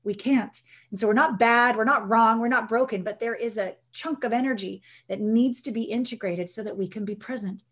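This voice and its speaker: This intimacy coach, a woman, speaks briskly in a husky, somewhat high voice, barely pausing. As an interview guest she tells stories with animation, acting out each person's lines.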